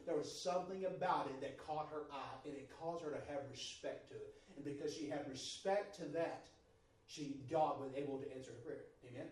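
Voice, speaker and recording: A man preaching a sermon to a congregation, moving from quiet, steady talk to loud, fervent shouting. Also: fairly high pitch, brisk, recorded from a distance. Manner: builds from soft to shouting fervor. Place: church service. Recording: roomy church sound from off-mic. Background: congregation responses.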